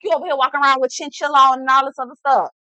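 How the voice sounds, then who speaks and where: A woman's voice: high voice, steady tone, rapid-fire, no echo, muffled recording. Woman putting on a furious cursing sailor man. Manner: cursing, loud street-slang tirade.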